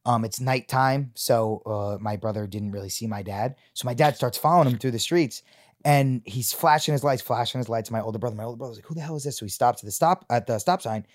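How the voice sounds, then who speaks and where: A young man from Rhode Island, a guest in a casual interview, telling lively stories, swearing freely and laughing often. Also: mid-range voice, a little fast.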